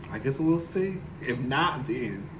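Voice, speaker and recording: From his home apartment, a man with a mid-range voice chats openly and emotionally with his viewers in a relaxed, profane YouTube vlog, against background noise and a roomy echo.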